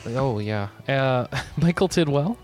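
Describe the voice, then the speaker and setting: A man's voice: mid-range voice, lively intonation, takes it slowly, darkish tone, faint music behind. A man hosting a gaming podcast in casual chat, joking and rambling, laughing easily. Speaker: podcast host.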